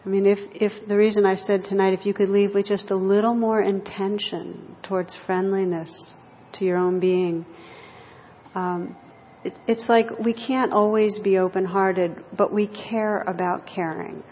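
A woman meditation teacher giving a gentle, reflective dharma talk to a group in a hall. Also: mid-range voice, little pitch movement, measured pace, slight background noise. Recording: lo-fi hall recording with long reverb.

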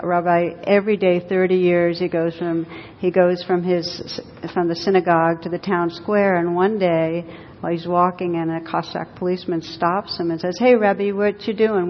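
A woman teacher gives a dharma talk, telling stories in a gentle way with light laughter. Her voice sits on the low side. The sound has a long echo from a hall, with a faint rumble underneath. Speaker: meditation teacher. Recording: dull lo-fi recording in an echoey hall with faint rumble.

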